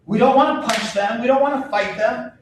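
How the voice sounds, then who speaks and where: High-voiced man coaching in an echoey gym. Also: a little fast, recorded from a distance, a little hiss or hum. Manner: firm, repetitive coaching instructions. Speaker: martial arts instructor. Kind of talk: coaching a kids' self-defense class.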